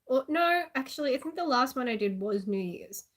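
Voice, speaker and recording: A woman's voice: on the high side, animated, fairly quick. A woman with an Australian accent chatting casually and sarcastically on a live stream, laughing often.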